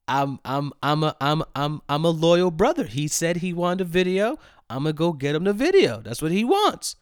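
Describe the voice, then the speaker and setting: A man's voice: fairly high pitch, big pitch swings, measured pace, smooth, no room sound, clean studio sound. A man in his thirties hosting a casual solo storytelling show, laughing often and repeating phrases for effect. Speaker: host.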